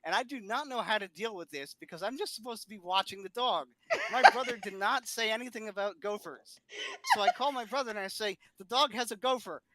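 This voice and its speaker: A man on a podcast, telling a funny story in a lively way and laughing often. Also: sits high, brisk, background noise. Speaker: podcast co-host. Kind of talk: casual storytelling chat.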